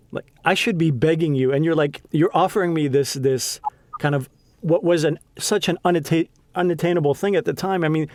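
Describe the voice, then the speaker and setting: A man's voice: fairly high pitch, a little mellow, dry recording. A young man hosting a podcast, speaking with heartfelt emotion in a casual conversation and often restarting his sentences. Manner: heartfelt, halting with many restarts. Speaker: podcast host.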